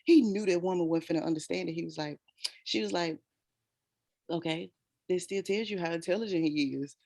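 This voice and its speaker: A woman's voice: fairly low pitch, fairly quick, creaky. A woman who is a teacher, telling a story in casual chat and acting out the voices of the people she quotes. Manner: animated, acts out quoted voices.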